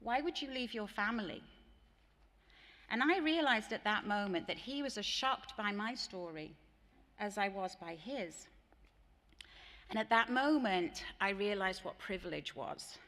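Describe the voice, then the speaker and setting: An English-accented woman delivers a conference keynote to teachers in a large hall, her mid-range voice lively in intonation, sharp in tone, and measured in pace. She tells earnest anecdotes and mimics voices when quoting dialogue. The recording carries a long hall reverb.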